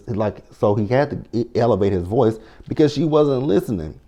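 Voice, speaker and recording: A man's voice: fairly low pitch, moderate pace, few pauses, warm tone. A man recapping a reality TV show in a sassy, blunt, profane way, quoting his own reactions as he goes. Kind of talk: casual recap commentary.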